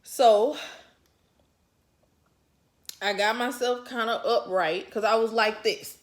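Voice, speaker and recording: A woman vlogger with a slightly high voice talks a little slowly, with long pauses. She tells her viewers a personal story in casual, colloquial chat, addressing them directly and chuckling often.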